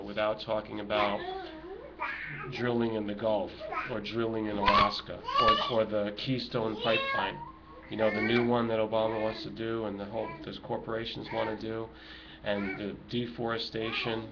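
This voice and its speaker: A middle-aged man speaking emotionally and urgently to his viewers from home, preaching in an impassioned monologue. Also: fairly low pitch. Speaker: activist vlogger. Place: home with children nearby. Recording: dull lo-fi home recording with noise.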